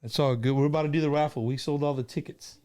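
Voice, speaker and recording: A man's voice: fairly high pitch, fairly even intonation, quick pace, a little mellow. Easygoing middle-aged man, casual host. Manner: easygoing, full of fillers like "you know" and "man". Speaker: host of a live stream. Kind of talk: casual live-stream chat and storytelling.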